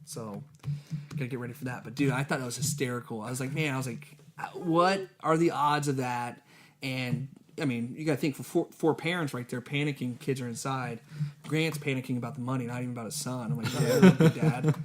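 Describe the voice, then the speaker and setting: A man's voice: mid-range voice, fairly quick, noisy background. A young man, co-host of a casual podcast, telling a story among friends and acting out the voices in it. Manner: animated, acts out quotes, laughs while telling.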